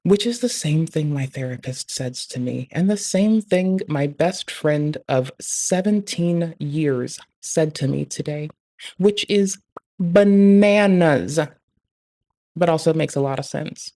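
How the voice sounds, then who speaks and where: A man's voice: on the high side, measured pace, hardly any pauses, dark tone. A young adult man streaming live, chatting casually in a rambling, profanity-heavy way.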